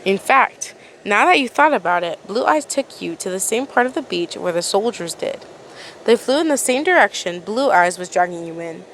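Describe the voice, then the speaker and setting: A woman's voice: medium pitch, a bit bright, slight background noise, low-quality recording. A woman reading a second-person fan story aloud in a casual way, often stumbling over words and restarting. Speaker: fan fiction reader.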